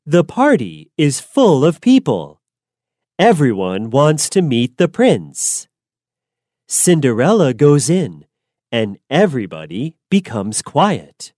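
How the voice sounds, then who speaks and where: A woman narrating a simple storybook in a clear, deliberate way. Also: rumbling low, huge pitch swings, mellow, no room sound, clean studio sound. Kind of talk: slow storybook reading for learners.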